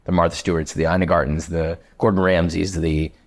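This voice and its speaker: A chef telling a kitchen story in casual, animated talk, swearing freely and using lots of fillers. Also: male voice, sits low, brisk.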